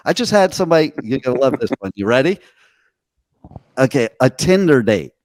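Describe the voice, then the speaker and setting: A man's voice: medium pitch, very animated, brisk, darkish tone, dry recording. A middle-aged man, a radio host, telling brash stories and swearing freely in a casual interview.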